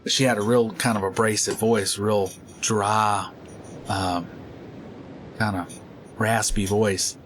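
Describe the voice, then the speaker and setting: A middle-aged man with a drawl, chatting loosely as he plays a game. His voice sits on the low side, and he rambles from story to story with frequent laughter. Faint game sounds hum underneath. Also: fairly even intonation, slow pace, pauses often, a bit bright. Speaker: gaming channel host. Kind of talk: casual chat while playing.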